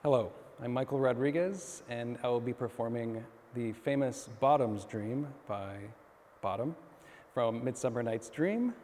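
Mellow, slow-talking man in a reverberant room. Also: medium pitch. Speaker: performer introducing his piece. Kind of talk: museum program introduction. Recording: long reverb with faint room noise.

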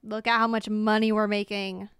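A young American woman chatting excitedly while livestreaming a game, reading out chat and reacting with bubbly exclamations. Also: mid-range voice, normal speed, clean tone. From United States. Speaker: streamer. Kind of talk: live game commentary.

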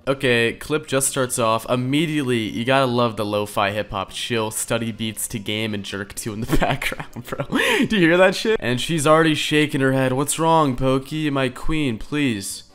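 Young adult man, mid pitch, smooth clear voice, sarcastic crude reaction streamer; faint music underneath. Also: normal speed, hardly any pauses, a bit bright. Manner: sarcastic, rambling, swears a lot. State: out of breath. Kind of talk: crude casual reaction commentary. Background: faint background music.

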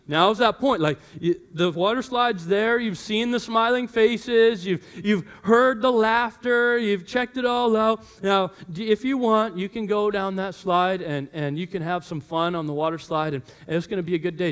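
A man's voice: sits high, moderate pace, few pauses. A man in his thirties, a pastor telling a family story in his sermon and acting out his children's voices.

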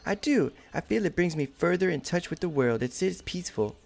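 A man voicing a calm, gentle female lizard gatherer in a game. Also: a little high, brisk, vocal fry.

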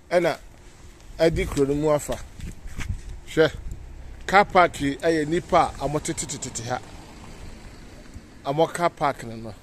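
A man's voice: fairly high pitch, slight background noise. A Ghanaian man giving a casual outdoor walking tour as a vlogger, pointing things out as he walks. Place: outdoors on city streets.

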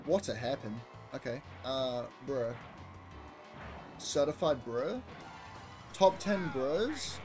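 A man's voice: medium pitch, expressive, slow, pauses often, over music. A young man commentating his own speedrun live, nervous and swearing as he talks to himself.

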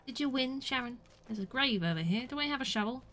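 High, bright-voiced woman streamer. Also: animated, quick pace, a little hiss or hum. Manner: chatty and self-mocking, with squeals when attacked. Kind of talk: casual gameplay commentary.

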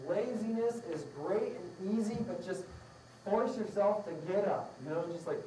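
A woman lectures a live class in a casual, rambling flow, upbeat and quick to laugh. Her voice is mellow and dark-toned. She sounds distant from the mic, in a roomy, echoing space. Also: medium pitch, lively intonation, slight background noise. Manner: rambling, upbeat, with frequent laughs and acted-out quotes. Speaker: raw food class instructor. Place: room with a live audience. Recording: echoey room, mic far off.

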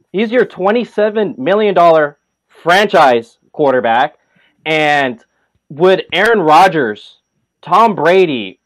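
A man on a sports talk panel, sarcastic and exasperated. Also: fairly high pitch.

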